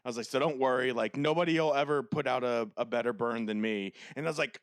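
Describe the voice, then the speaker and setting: A man co-hosting a podcast, telling stories in casual chat with frequent laughter and dark jokes. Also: medium pitch, fast, smooth, dry recording. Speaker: podcast co-host.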